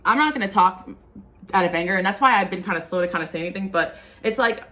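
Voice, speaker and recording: Talking quickly in a pushed, bright, medium-pitched voice, this woman delivers a tarot reading to her viewers. It's a casual, rambling, passionate monologue peppered with fillers.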